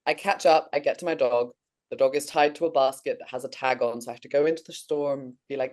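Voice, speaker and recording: Her bass voice moving at a quick pace, an English woman co-hosting a podcast relates a long dream. The telling is casual and lively, full of laughs and cursing.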